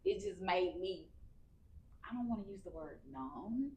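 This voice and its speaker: A woman's voice: mid-range voice, measured pace, a little hiss or hum. Candid woman telling her story. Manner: candid, animated storyteller with colloquial speech. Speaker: guest, cancer survivor. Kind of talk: casual interview conversation.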